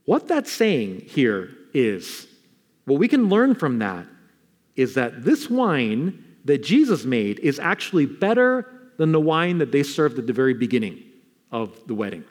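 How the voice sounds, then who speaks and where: A male pastor preaching a sermon, animated, dropping low for solemn lines and acting out quoted voices. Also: a little slow. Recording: reverberant hall.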